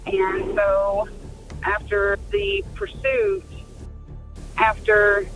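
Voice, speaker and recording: A woman guest, a former emergency dispatcher, answering interview questions in a hesitant, slowly recalling way. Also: medium pitch, completely flat delivery, over music, rough recording. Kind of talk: conversational interview.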